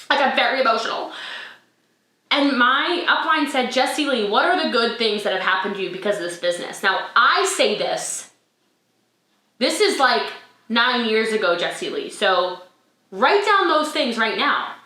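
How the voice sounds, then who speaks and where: An emotional, emphatic woman in her thirties leads a motivational talk for her sales team. Her voice is bright and a touch high, and she keeps pressing her point with rhetorical questions. The room around her sounds echoey. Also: lively intonation, normal speed. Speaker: network marketing coach. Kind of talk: motivational talk on a video call.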